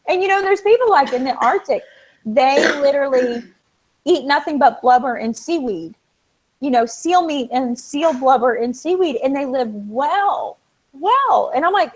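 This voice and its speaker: This co-host of a casual chat has a high voice and talks fairly quickly, and the recording is rough. She tells her stories with lots of energy, acting out the people she quotes.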